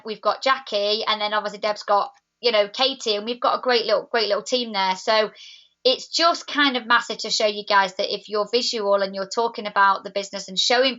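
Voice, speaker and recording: Chatty woman, bright lo-fi sound. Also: on the high side. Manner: chatty, enthusiastic, laughs easily. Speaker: network marketing team leader. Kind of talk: live video chat reading viewer comments. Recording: dull lo-fi sound.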